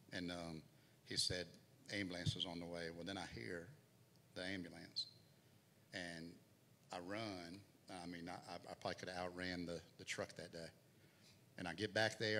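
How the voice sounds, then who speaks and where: A man's voice: deep voice, sharp tone. Middle-aged man, sermon storytelling, reverberant church, faint background noise. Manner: storytelling, voice swells and drops. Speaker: guest preacher. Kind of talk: sermon testimony. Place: church sanctuary.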